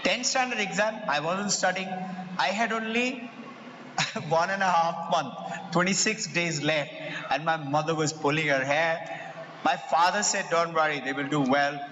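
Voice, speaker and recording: A middle-aged man with an Indian English accent, a school president telling personal stories to parents in an animated, story-acting way. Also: high-pitched, measured pace, muffled recording, a little hiss or hum. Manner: animated storyteller, acts out quoted voices. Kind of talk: motivational talk with personal stories. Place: large hall before an audience. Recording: echoey hall, faint ambience.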